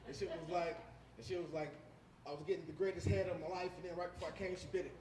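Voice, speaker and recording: A man's voice: high-pitched, steady tone, fast, darkish tone, distant mic. A man doing a stand-up comedy set, telling crude, rambling stories from a club stage. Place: comedy club stage before a live audience. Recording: roomy club sound with clear background noise.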